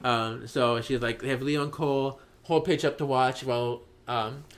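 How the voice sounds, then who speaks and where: A man at an ordinary pitch chats through a story's plot for his co-host. He gets animated, pushing his voice up high and loud whenever he quotes a character. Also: normal speed. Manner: animated, acts out characters' lines in raised voices. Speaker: podcast host. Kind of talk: casual chat, recapping a story.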